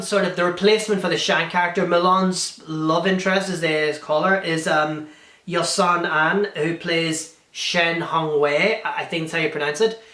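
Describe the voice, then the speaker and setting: A man's voice: high-pitched, fairly bright tone. A man giving a casual, enthusiastic spoken film review, gushing with frequent ums and restarts. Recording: roomy echo.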